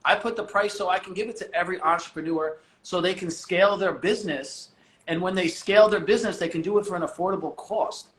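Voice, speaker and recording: A man talking as a podcast guest, blunt and animated, swearing casually. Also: sits high, fast talker, reverberant. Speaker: guest, business owner.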